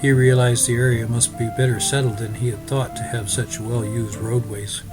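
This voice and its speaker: A man narrating a story in a steady, measured way. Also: mid-range voice, over loud music, rough recording. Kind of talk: scripted audiobook narration.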